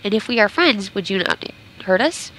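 A woman's voice: medium pitch, animated, normal speed, fairly bright tone, a little hiss or hum, voice pushed up, close to an everyday voice, low-quality recording. A woman voicing a pair of crafty little goblin thieves who speak together, suspicious and spiteful, in a storybook read during a game. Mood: wary.

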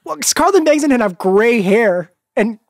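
A man co-hosting a let's play, excitedly commentating and yelling at the game. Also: very high voice, moderate pace, no echo, clean studio sound. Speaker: co-host.

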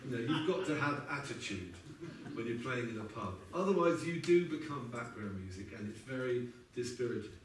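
Expressive and fairly quick, a man in his sixties with a medium-pitched voice shares wry, chatty anecdotes on stage between songs and laughs at them himself. The mic is far off in an echoey live venue, with slight background noise and guitar in the mix.

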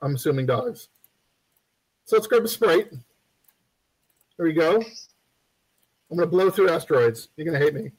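A man's voice: a little high, lively intonation, measured pace, pauses often, rough recording. A man giving a casual live-streamed game development tutorial, rambling and chatty with plenty of fillers and joking asides.

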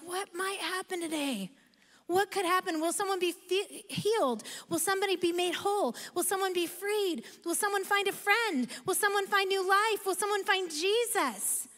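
A woman pastor giving an animated, emphatic sermon in a church sanctuary. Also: very high voice, normal speed. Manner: animated, emphatic preaching with self-aware asides. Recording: long reverb of a large hall.

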